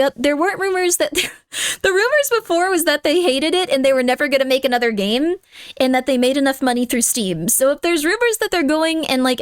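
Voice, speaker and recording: A chatty woman streamer with a high, light voice talks with her viewers on a close mic in a dry, dead-sounding room. She slips into cooing baby talk for her cat and throws out playful mock threats. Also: no echo. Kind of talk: casual live-stream chat.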